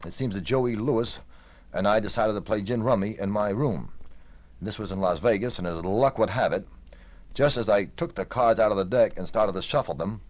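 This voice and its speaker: A comedian telling stories and one-liners in a dry, deadpan manner. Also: male voice, lowish voice. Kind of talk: stand-up storytelling.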